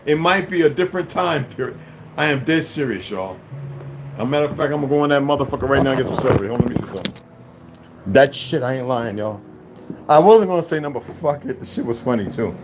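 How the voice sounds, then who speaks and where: A man casually telling his viewers a story, swearing constantly and calling them y'all in an animated, rambling way. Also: mid-range voice, quick pace, noisy background. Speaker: vlogger.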